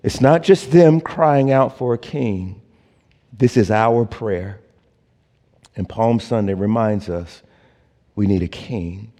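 Slow-preaching pastor in reverberant church. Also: male voice, on the low side, dark tone. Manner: slow, deliberate preaching that swells to emphatic peaks. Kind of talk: sermon.

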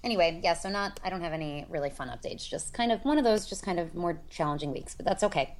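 A woman who teaches college and yoga, co-hosting a podcast in relaxed casual chat. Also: lowish voice, fast talker.

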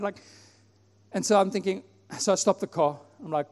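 A man from South Africa preaching a sermon in a church, telling a personal story and acting out his own prayers with animated delivery. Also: sits high, moderate pace. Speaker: pastor. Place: church hall. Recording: long hall reverb, faint music.

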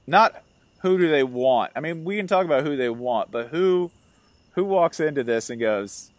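Animated man telling a story, dry sound. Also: on the high side, moderate pace, no room sound. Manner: animated storytelling, mimics people for laughs. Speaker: podcast co-host. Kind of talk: casual chat.

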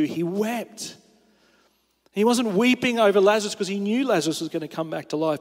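A man's voice: high-pitched, a little mellow. A male pastor preaching a sermon, earnest and emphatic, asking rhetorical questions. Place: church sanctuary. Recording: church hall with long reverb.

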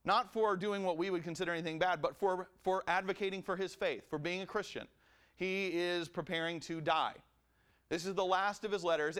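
A man preaching a sermon as pastor, emphatic and animated, at times dropping to a soft reflective tone. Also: high-pitched.

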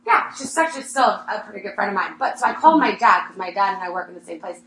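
A woman hosting a casual podcast chat, telling a story with lively acted-out quotes. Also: mid-range voice, fast, gravelly. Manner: animated storyteller acting out her own excitement. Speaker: podcast host. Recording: echoey room with faint hum.

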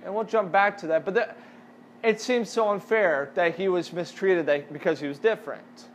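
A man's voice: sits high, moderate pace, slight background noise. A man as youth pastor, giving a casual sermon and asking the audience questions.

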